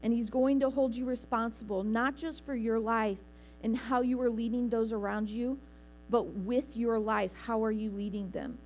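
Female preacher, earnest, conversational sermon delivery, slightly high voice, faint hum behind. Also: steady tone, moderate pace, a little mellow. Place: church sanctuary.

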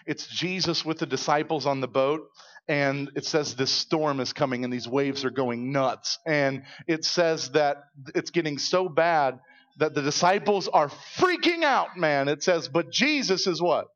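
A man pastor preaching a sermon in church, retelling scripture with animated storytelling and acted-out voices. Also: a little high, a little slow, dull audio.

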